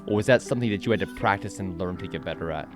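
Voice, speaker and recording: A male podcast host with a lowish voice chats casually with his guest. He is animated and laughs easily, jumping up in volume when something excites him. Music plays clearly underneath. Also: rapid-fire. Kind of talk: casual interview chat.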